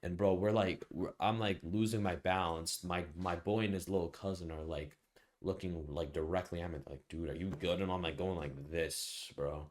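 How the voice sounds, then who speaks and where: A man's voice: low voice, fairly even intonation, moderate pace. A young man vlogger telling a rambling, slangy, profanity-heavy story in a casual storytime monologue.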